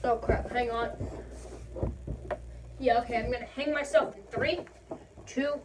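A woman's voice: fairly high pitch, fairly even intonation, a little slow. A woman giving rambling, goofy commentary while playing a game, with lots of filler sounds. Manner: rambling and goofy, full of ums and uhs. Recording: distant mic with faint background noise.

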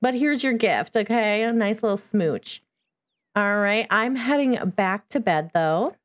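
A woman's voice: mid-range voice, animated, unhurried. A woman giving chatty, playful commentary while playing a life-simulation game, talking back to the characters on screen. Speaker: gaming video host. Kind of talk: casual gameplay commentary.

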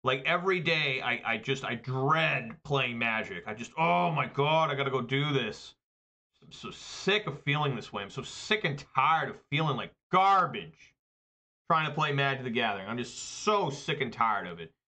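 A man's voice: medium pitch, animated, normal speed, sharp tone. A man, a streamer and family man, venting to his viewers in a casual rant, exasperated and swearing freely as he runs himself down. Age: adult with wife and kids. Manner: exasperated, profane, self-deprecating venting. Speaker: streamer and channel host.

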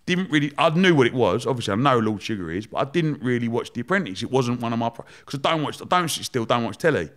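A man, a podcast guest telling his story in a lively, slangy, chatty way. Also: mid-range voice, quick pace, hardly any pauses. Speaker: guest, entrepreneur. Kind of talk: casual storytelling.

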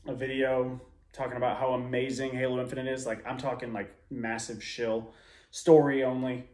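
A man hosting a reaction video, talking in a loose, rambling way, sarcastic and quick to swear. His voice sits at an ordinary middle pitch. The room around him is echoey and reverberant. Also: little pitch movement, a little mellow. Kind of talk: casual reaction commentary.

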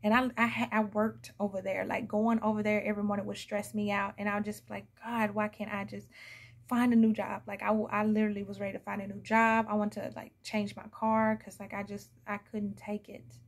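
A woman's voice: mid-range voice, flat delivery, fast talker, creaky, few pauses. A woman giving a casual, blunt tarot reading, chatting to viewers and laughing often. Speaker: tarot reader.

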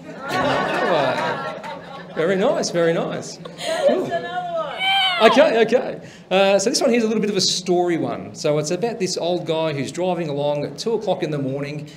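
High-voiced man hosting comedy. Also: lively intonation, brisk, a crowd in the background. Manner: upbeat, chuckling. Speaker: comedy show host. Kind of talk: stand-up joke telling.

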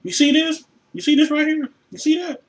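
A man in his room ranting as a sports fan, profane and exasperated, sighing heavily and swinging between low mutters and sudden shouts. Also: steady tone, fairly quick, noisy background. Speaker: vlogger reacting to a football loss. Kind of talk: angry fan rant.

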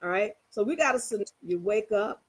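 A woman teaching in a casual, animated way, telling everyday stories and checking that listeners follow. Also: medium pitch, moderate pace, husky, rough recording. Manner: animated, storytelling, coaxing listeners. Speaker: spiritual teacher. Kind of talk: casual motivational talk.

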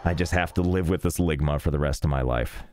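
A young man casually streaming a game, rambling and joking in deadpan asides. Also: very deep voice, fairly quick, a little hiss or hum. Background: faint game music.

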